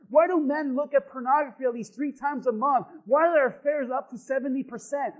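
A man preaching a sermon as pastor, swinging between quiet asides and shouted refrains. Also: extremely high pitch, rough recording.

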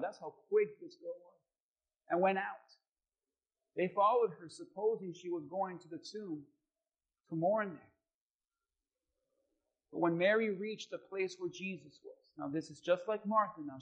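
A male pastor preaching a sermon, swinging from quiet scripture reading to shouted, fervent preaching. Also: high voice.

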